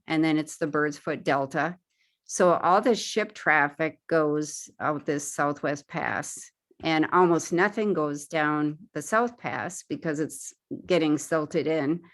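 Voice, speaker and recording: A woman's voice: low voice, unhurried. A woman speaking as a guest at a paddling club, casually describing her trip and pointing out pictures on her slides, with frequent fillers and restarts.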